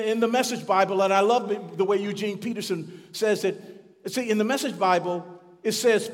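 A man preaching a sermon as pastor, building up to shouted repeated lines and calling on the congregation to answer back. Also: high voice, long reverb tail. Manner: call-and-response preaching, rising to shouts and repeating phrases. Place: church.

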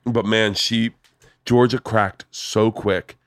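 Podcast host guy, swears a lot, lively storyteller, dry close sound. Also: fairly low pitch, slow pace, no room sound. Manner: animated storyteller who swears freely. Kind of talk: casual storytelling chat.

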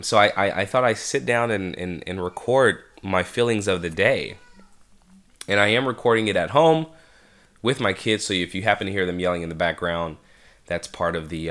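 A man's voice: low voice, a bit bright. A man in his thirties talking casually at home in a vlog, congested and nasal, with frequent restarts as he reflects aloud. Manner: chatty, self-reflective, many restarts. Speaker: vlogger, father.

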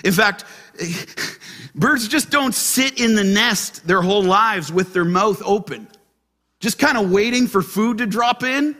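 Animated, bright-voiced male pastor. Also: high-pitched, takes it slowly. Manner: animated, asks the congregation questions. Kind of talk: sermon. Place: church.

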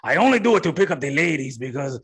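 A man's voice: on the high side, big pitch swings, quick pace, fairly bright tone, slightly rough, heavily acted. A man doing a mocking impression of a male politician in a bad, exaggerated fake French accent. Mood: mocking smug.

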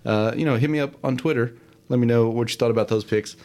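A man's voice: mid-range voice, fast, warm tone. A man hosting a casual solo show, rambling and self-deprecating with many fillers. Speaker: podcast host. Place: home studio, alone.

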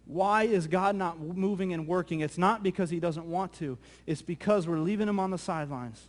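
A male pastor preaching a sermon, telling a story in a lively, conversational way that often repeats words. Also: sits high, moderate pace. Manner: animated, conversational, repeats words when excited.

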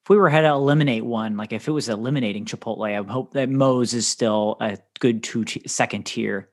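A man in easygoing podcast chat, with a voice of middling pitch. He rambles through long answers, jokes around and laughs often. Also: brisk. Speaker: podcast co-host. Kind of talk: casual chat.

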